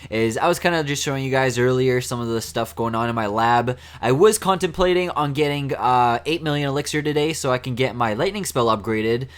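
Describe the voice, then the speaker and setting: A young man with a hoarse, raspy voice today, chatting casually through gameplay commentary into a desk microphone, laughing often between filler words. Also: mid-range voice, a little fast, hardly any pauses. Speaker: gaming commentator.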